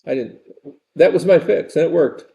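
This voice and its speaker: A man's voice: on the high side, normal speed, creaky, dark tone. An older man giving a rambling, conversational university lecture and repeating his phrases.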